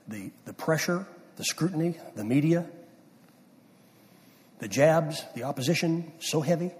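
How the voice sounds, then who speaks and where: A middle-aged man preaching a sermon, swinging from loud emphasis down to hushed near-whispers. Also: medium pitch. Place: church sanctuary. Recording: distant mic with long hall reverb.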